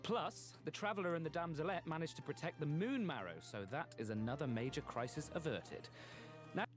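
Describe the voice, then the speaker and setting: A man's voice: a little high, expressive, a little fast. A man co-hosting a scripted game broadcast in a friendly, upbeat way. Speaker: voice actor co-host. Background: background music.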